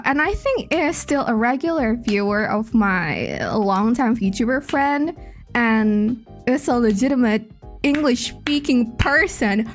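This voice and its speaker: Chatty woman streamer, high voice. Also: fairly bright tone. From Indonesia. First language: Indonesian. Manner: chatty, greets chat by name, giggly asides. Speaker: VTuber streamer. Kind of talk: casual livestream chat.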